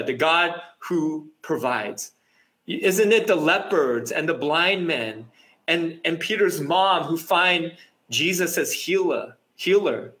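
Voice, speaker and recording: A man's voice: fairly high pitch, a bit bright. A man preaching an earnest, reflective sermon, often restarting and repeating his words. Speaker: pastor. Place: apartment.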